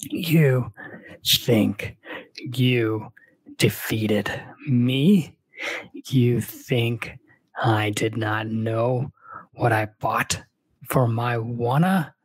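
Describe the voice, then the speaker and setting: A man voicing a defiant, dying old male traitor, speaking in slow, carefully measured words. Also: medium pitch, fairly even intonation, natural voice.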